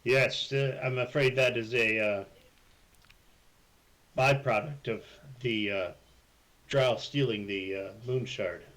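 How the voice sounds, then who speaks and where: A man's voice: mid-range voice, fairly bright tone, rough recording. A man playing a hesitant minotaur adventurer. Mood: polite. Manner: hesitant, many pauses and fillers. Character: earnest male minotaur-like construct adventurer. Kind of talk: live-streamed tabletop role-play.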